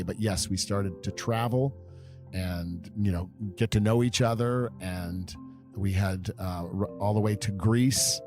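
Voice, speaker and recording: A man in his fifties from California, a podcast guest telling long, meandering stories from his past at an easy pace. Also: lowish voice. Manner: unhurried, meandering storyteller. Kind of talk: reminiscing interview storytelling.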